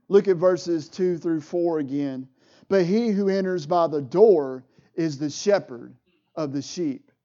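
Male pastor, high voice, slow preaching delivery with swelling emphasis, lo-fi sound. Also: warm tone. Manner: preaching with rising emotional swells. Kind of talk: sermon.

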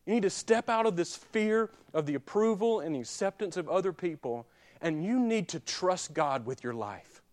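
A man, preaching a sermon that moves between quiet personal confession and loud, emphatic exhortation. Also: sits high, lively intonation, normal speed. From Alabama. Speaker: pastor.

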